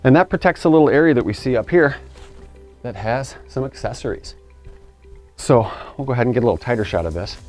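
A man's voice: medium pitch, lively intonation, brisk, a little mellow, faint music behind. A middle-aged man, an engineer, chatting enthusiastically as he unboxes a 3D printer and explains each step. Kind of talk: casual unboxing vlog.

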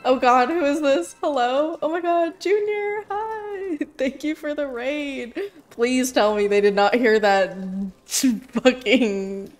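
A young woman streaming a game, chatting casually in a giggly, flustered way, full of likes. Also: on the high side. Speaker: variety streamer.

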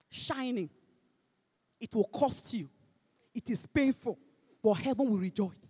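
A woman with a Nigerian accent preaching a sermon, emphatic and fervent, swinging between shouted exhortation and hushed asides, slipping into Pidgin phrases. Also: high voice, sing-song, normal speed, long pauses, husky, big-room sound.

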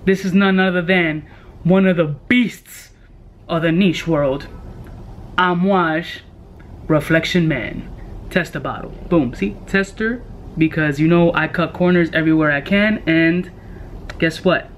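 A man's voice: fairly high pitch, a little slow, slight background noise. A young man casually reviewing fragrances in a brash, joking way, full of profane street slang. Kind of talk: casual product review vlog.

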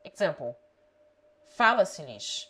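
A woman reading a grammar lesson aloud, pronouncing example words carefully and deliberately. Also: sits low, sing-song, sharp tone, slightly rough, poor audio. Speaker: language teacher.

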